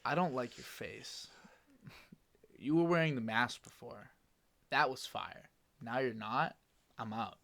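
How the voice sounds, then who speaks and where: Young male podcast host, mid pitch, quick mumbling rambler, casual chat. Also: creaky, fairly bright tone.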